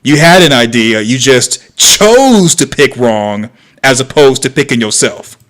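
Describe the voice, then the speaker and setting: A man's voice: medium pitch, lively intonation, a little slow, fairly bright tone. A man hosting a livestream, reacting to clips with sarcastic, lecturing commentary. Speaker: host.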